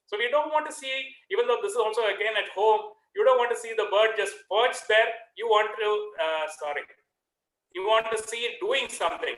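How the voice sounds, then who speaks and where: A man giving a relaxed online photography talk from home, with many "uh" fillers. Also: high-pitched, a little fast, echoey room, rough recording. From India. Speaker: guest speaker. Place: home room on a video call. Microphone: computer mic on a video call.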